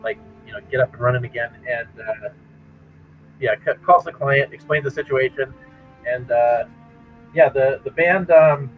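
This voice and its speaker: Halting man running a tabletop game. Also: mid-range voice. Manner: halting, many fillers and restarts. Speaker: game master. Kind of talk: casual tabletop game narration. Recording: tinny phone-like call audio.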